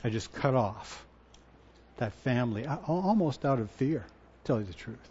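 A male pastor giving a sermon, moving from quiet personal reflection to loud, emphatic repetition. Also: medium pitch, expressive, moderate pace, husky. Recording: dull lo-fi sound.

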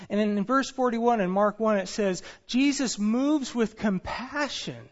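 A man's voice: high-pitched, measured pace, lo-fi sound. A male pastor preaching a sermon in a church sanctuary, earnest and storytelling, with some fillers.

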